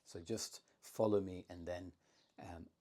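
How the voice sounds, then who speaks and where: A man's voice: deep voice, steady tone, unhurried, dark tone. A man playing a sarcastic mythic giant. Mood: calm guiding. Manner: sarcastic, mock-innocent. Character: huge mocking male giant of myth.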